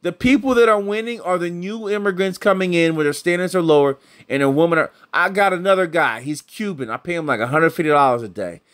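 A man's voice: sits high, quick pace, hardly any pauses, a bit bright. A middle-aged man giving blunt, heated, profane commentary, often repeating himself. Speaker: commentator reacting to clips.

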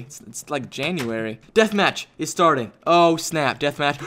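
Excitable high-voiced young man gaming. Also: moderate pace, few pauses. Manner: excitable, talks to his dog and viewers. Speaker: gaming YouTuber. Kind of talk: live gameplay commentary.

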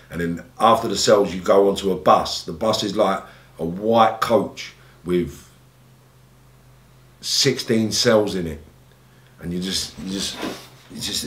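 There's an echo to the room as this London-accented man from England, his voice a bit bright, bluntly tells an interviewer about his gangster past. He swears a lot and recreates scenes in high, pleading tones.

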